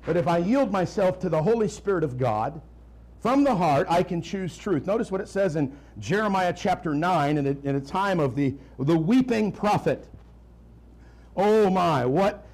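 A man preaching a sermon as a pastor, swinging between slow, emphatic lines and quick, quiet asides. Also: a little high, rough recording.

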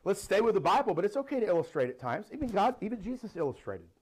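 Middle-aged guy preaching, pretty high voice, gets fired up, laughs a bit between verses. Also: fast, slightly rough. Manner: animated preaching with laughs and Bible readings. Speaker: pastor. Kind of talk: sermon.

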